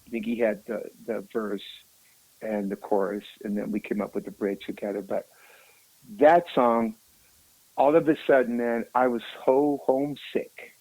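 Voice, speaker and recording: A rock musician telling a story in a casual interview, animated and emotional, often calling the listener "man". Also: on the low side, moderate pace, dry recording, rough recording.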